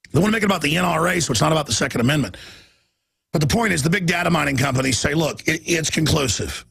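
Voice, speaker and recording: Hoarse, gravelly radio talk host. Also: male voice, medium pitch, no echo. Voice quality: gravelly, raspy voice. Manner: emphatic, rapid-fire ranting with sudden loud bursts. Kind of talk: ranting political talk radio monologue.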